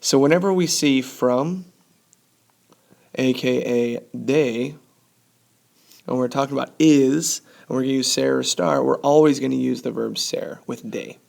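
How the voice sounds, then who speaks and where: Guy teaching spanish grammar, kinda gravelly voice, keeps saying okay?. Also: mid-range voice, a little slow, a little mellow. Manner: upbeat, checks in with "okay?" often. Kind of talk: classroom grammar lecture.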